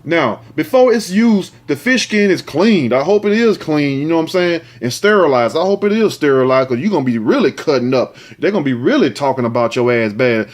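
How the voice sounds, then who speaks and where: A male host riffs crudely on a news story, reading lines and dropping joking asides between them in comedic commentary. His voice is fairly high with lively intonation, and he talks fairly quickly with few pauses.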